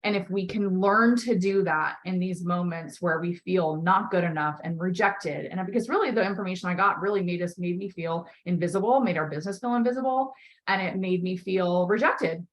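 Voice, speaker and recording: Heard on a rough recording, a woman with a lowish voice talks a little fast. She's a podcast host coaching a guest in a frank exchange, swearing often and speaking with forceful emotion.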